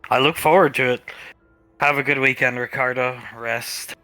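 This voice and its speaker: A man playing a brisk, commanding woman officer in a tabletop role-play, with curt, dry remarks. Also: medium pitch, steady tone, pushed and bright, dry recording, soft background music, close to an everyday voice.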